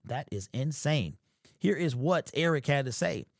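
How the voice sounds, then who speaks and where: A man hosting a sports fan vlog, talking in casual, animated commentary with slangy, emphatic exclamations. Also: fairly high pitch, a little slow, vocal fry, no echo, studio quality. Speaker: sports fan channel host.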